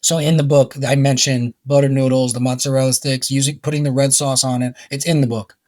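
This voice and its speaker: A man's voice: medium pitch, flat delivery, brisk, darkish tone, dry recording. Laid-back man rambling with fillers. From New York. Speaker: guest author and rapper. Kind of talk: casual conversation.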